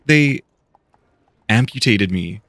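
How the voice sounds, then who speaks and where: Male gamer, deep voice, slow and casual, thinking aloud while reading the game text. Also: lively intonation, fairly bright tone, dry recording.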